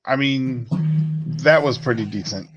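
A man co-hosting a podcast in casual chat, easygoing and quick to agree. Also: medium pitch, muffled recording, over music. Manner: easygoing, short agreeing replies. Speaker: podcast co-host.

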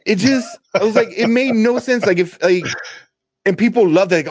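A young man talks in a fairly high voice, swearing freely as he rants with growing exasperation. His voice sounds dry and close, with no room around it. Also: fairly quick, no echo. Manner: ranting, profane, exasperated. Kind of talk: casual chat.

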